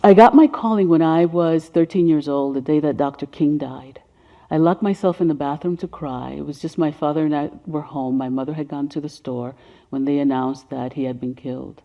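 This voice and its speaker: Deep-voiced older woman, soft-spoken. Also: moderate pace, lo-fi sound. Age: about 70. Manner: soft-spoken, sinking to a whisper on emotional points. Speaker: speaker on racial healing. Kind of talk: seminar presentation.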